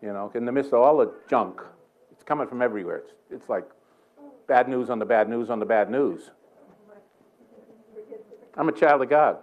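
An older man with a Boston accent, preaching a sermon in a church in a joking, conversational way with quick asides. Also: medium pitch, phone-quality sound. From Boston area. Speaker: guest preacher. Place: church sanctuary.

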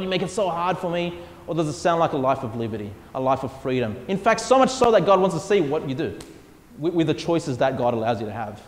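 A man preaching a sermon as a pastor, reading scripture and acting out voices in prayers. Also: on the high side. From Australia. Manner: animated preaching, acts out God's voice and people's prayers. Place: church hall. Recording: echoey church hall.

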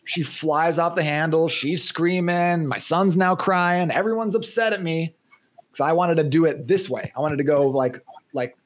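A man in his thirties, a fitness and nutrition guest on a podcast interview, explaining things in an animated way and acting out the voices he quotes. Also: on the high side, moderate pace.

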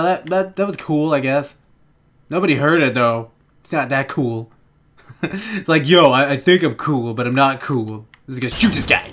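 A young man giving casual let's play commentary, excitable and giggly, with panicky outbursts and a lot of swearing. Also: on the high side, slight background noise. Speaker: gaming channel host.

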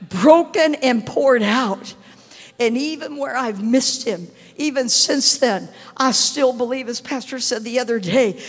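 Middle-aged woman preacher telling a story, highish voice, goes from hushed to shouting, big echoey hall. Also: normal speed, hardly any pauses. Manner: storytelling, acts out dialogue, swings from hushed to shouting. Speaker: evangelist. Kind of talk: testimony sermon. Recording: long hall reverb.

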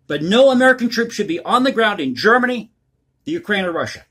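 Husky-voiced man ranting about the news. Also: high voice, animated, fast talker, pushed and bright. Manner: blunt, crass, ranting. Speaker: political commentary host. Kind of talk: opinionated news commentary.

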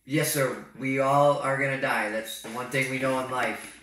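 A man playing a patient, deadpan crisis hotline operator who answers with hesitant fillers. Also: mid-range voice, moderate pace, lightly acted. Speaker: prank call partner. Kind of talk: prank call comedy. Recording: echoey and distant with faint noise.

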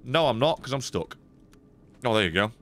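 While streaming a card game, a man with a medium-pitched voice swears and talks animatedly to his chat at a moderate pace, with faint music playing behind.

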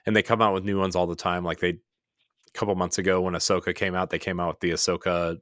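A man's voice: low voice, level tone, quick pace, a bit bright, no room sound. A man co-hosting a podcast in casual chat, rambling with lots of "like"s and restarts. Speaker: podcast co-host.

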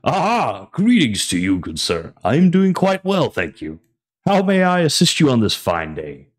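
Brief: a jovial game barkeep, raised and booming, put on by a man. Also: wildly swooping pitch, moderate pace. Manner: theatrical, old-fashioned welcoming speech. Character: hearty, jovial male tavern barkeep.

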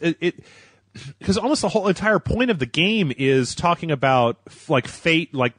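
A man's voice: medium pitch, a bit bright, no echo, clean studio sound. A man co-hosting a podcast in casual, rambling chat, laughing often and swearing freely. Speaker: podcast co-host.

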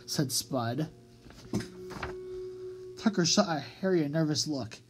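A woman's voice: a bass voice, animated, slow, pauses often, a little mellow, rough recording. A woman narrating a children's audiobook expressively, drawing out key words for emphasis. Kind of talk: storybook read-aloud narration. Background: music.

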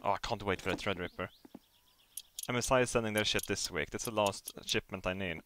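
A man streaming a game live, chatting casually and excitably to his viewers at a desk mic, with whoops and swearing. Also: fairly low pitch, fairly quick, slight background noise.

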